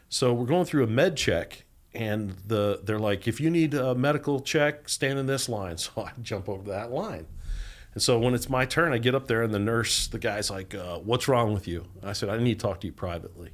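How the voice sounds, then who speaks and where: Low-voiced man telling a lively story. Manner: animated storyteller, acts out quoted voices, laughs often. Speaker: podcast guest. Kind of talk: storytelling interview.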